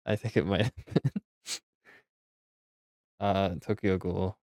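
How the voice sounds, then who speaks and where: A man's voice: low-pitched, fairly even intonation, takes it slowly, a little mellow, dry recording, clean studio sound. A young man in casual podcast chat, laughing often and teasing himself. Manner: laughing, self-mocking banter.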